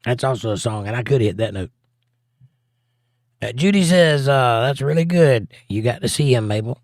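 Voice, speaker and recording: A man's voice: mid-range voice, animated, normal speed, a little mellow, dry recording, studio quality. A man hosting a casual live stream, reading viewer comments aloud and joking back at them. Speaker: livestream host.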